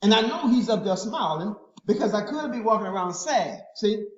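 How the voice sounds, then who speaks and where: A man with a high, expressive voice preaches at a moderate pace in a call-and-response style that's informal and emphatic. He often asks the congregation to finish his sentences. The recording is echoey with a dull, lo-fi room sound.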